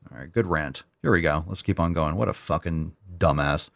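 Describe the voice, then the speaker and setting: A man's voice: a bass voice, moderate pace, gravelly, fairly bright tone. A man hosting a solo commentary show, ranting in a heated, sarcastic, profane way and repeating phrases for emphasis. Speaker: podcast host.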